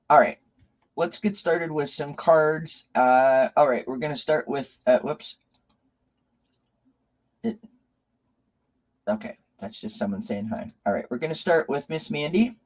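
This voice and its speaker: A man's voice: medium pitch, poor audio. A man hosting a live tarot stream, emotionally thanking his viewers and reading their comments. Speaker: tarot reader and channel host.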